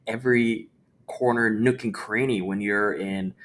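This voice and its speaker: A man's voice: lowish voice, steady tone, a little slow, a little hiss or hum. A man in his twenties co-hosting a podcast in casual comedic chat, rambling and stumbling over restarts. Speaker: podcast co-host.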